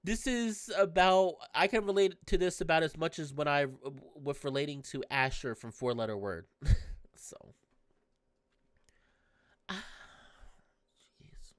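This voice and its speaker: A woman commenting candidly on a story game, talking in a halting, emotional way with many restarts. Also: deep voice, dry recording, clean studio sound. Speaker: gamer playing a visual novel.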